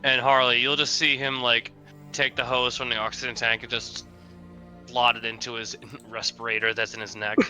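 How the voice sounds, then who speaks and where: A man's voice: medium pitch, level tone, normal speed, pushed and bright, faint music behind, poor audio. A man playing a tabletop game, describing his character's actions in a chatty way. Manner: chatty, laughs between lines. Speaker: player. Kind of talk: casual tabletop role-play.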